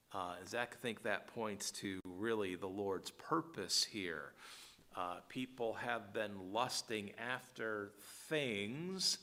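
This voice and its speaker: A man's voice: fairly low pitch, lively intonation, takes it slowly, pushed and bright. A man teaching an adult Bible class, reading scripture aloud with frequent "uh" fillers. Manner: frequent "uh" fillers, rises when reading verses. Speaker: Sunday school teacher.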